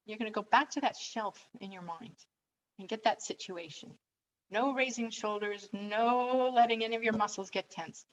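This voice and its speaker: A woman coach leading a calm guided relaxation and breathing exercise, giving gentle step-by-step instructions. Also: a little high, normal speed, dull audio, slight background noise.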